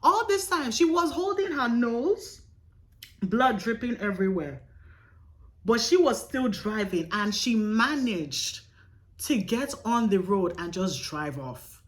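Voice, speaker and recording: A woman's voice: fairly high pitch, slow pace. A young woman vlogger telling a dramatic personal story in a casual, emphatic way, swearing freely. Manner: animated, profane, emphatic retelling.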